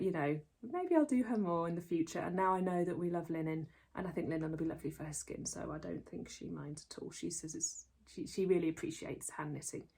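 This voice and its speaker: A woman's voice: fairly low pitch, mellow, breathy edge. A woman hosting a knitting podcast, talking casually to the camera in a rambling, self-deprecating way with many restarts.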